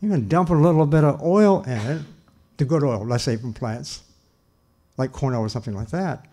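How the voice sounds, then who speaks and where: Older man lecturing, mellow voice. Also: mid-range voice, animated, normal speed. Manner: earnest, emphatic, with frequent restarts and fillers. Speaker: nutrition researcher giving a lecture. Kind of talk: lecture talk.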